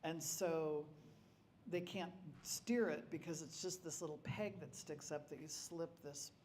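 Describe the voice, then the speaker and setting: A man's voice: a little high, steady tone, a little slow, a little mellow, a little hiss or hum. Middle-aged man telling stories in an echoey hall. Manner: rambling anecdotes with frequent restarts. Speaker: eulogy speaker. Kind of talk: personal storytelling at a memorial. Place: club hall. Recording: echoey hall with faint ambience.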